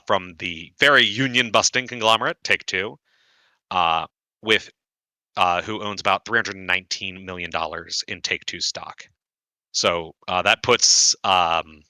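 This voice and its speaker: This man has a fairly low voice with a very bright, forceful edge. He announces a mock award in a wry tone and reads figures with some fillers. The sound is dry. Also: no echo. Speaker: award show presenter. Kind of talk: live-streamed mock awards presentation.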